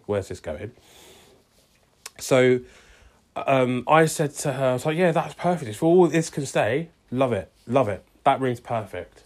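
A man's voice: mid-range voice, a little mellow. A young man telling a long story casually, acting out both sides of a conversation with lots of "I was like" and "she's like".

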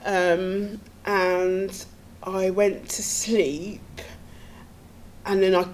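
A woman's voice: medium pitch, level tone, drawn-out words, slight background noise. Earnest middle-aged woman recounting. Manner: earnest, tumbling, with nervous laughs. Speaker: podcast guest. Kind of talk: personal storytelling.

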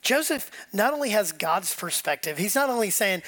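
A man giving a conversational sermon as pastor, animated and casual, acting out quotes as he preaches in a church. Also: very high voice, a little fast, hardly any pauses. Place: church sanctuary with congregation.

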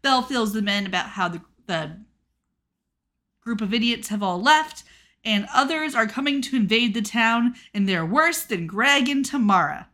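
A woman's voice: on the high side, expressive, moderate pace, a bit bright. A woman co-hosting a podcast, recapping a TV episode in casual, sarcastic chat and swearing freely. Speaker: podcast co-host.

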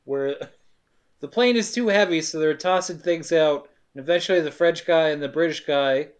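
A podcast co-host recapping a movie in casual chat, wry and quick to laugh. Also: medium pitch.

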